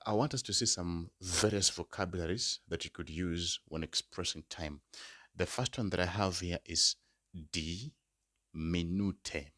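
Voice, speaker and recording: A man tutoring a language lesson, patiently repeating each word slowly for learners. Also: low-pitched, fairly bright tone, no echo, studio quality. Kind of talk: spoken lesson.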